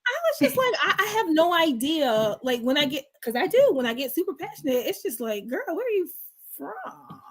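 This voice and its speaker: A woman's voice: high-pitched, big pitch swings, a little fast, hardly any pauses. A middle-aged woman from South Florida with a Southern drawl, co-hosting a casual chat, laughing often and speeding up when passionate. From South Florida, USA. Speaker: co-host.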